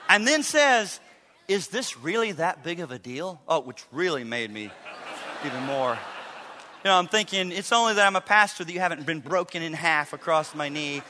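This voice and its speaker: A middle-aged man preaching a sermon as a pastor, telling a story with animated acted-out quotes. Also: a little high, normal speed, slight background noise. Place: church sanctuary. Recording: reverberant live church hall.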